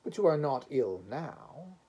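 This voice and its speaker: A man's voice: fairly high pitch, sing-song, unhurried, mellow, breathy edge, voice pushed up, exaggerated voice. A man doing a stern officious inspector. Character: stern tall male house inspector, officious.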